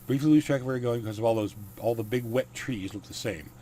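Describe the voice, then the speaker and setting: A man's voice: mid-range voice, fast, mellow. Wry man reading a game aloud. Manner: wry, dry asides. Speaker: let's play host.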